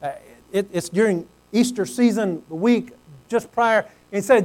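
A man preaching a sermon, earnest, swinging from loud exclamations to hushed low tones. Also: unhurried, poor audio.

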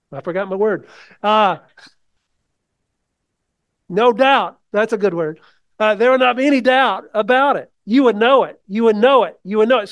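Male preacher, high voice, conversational sermon, questions to the congregation.

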